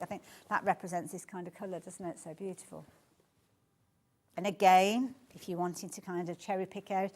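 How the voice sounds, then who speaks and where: Gushing woman with a lively voice. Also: mid-range voice. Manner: gushing, chatty, keeps saying beautiful. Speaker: shopping channel presenter. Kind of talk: live TV sales presentation. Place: TV studio.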